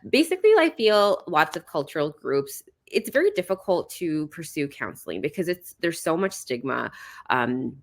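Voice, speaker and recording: A young woman with a notably low voice talks as a podcast guest. She chats quickly and casually and sprinkles her speech with filler words. She speaks as a psychologist who answers in relaxed conversation. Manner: chatty, quick, with frequent "like" fillers. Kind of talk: casual interview chat.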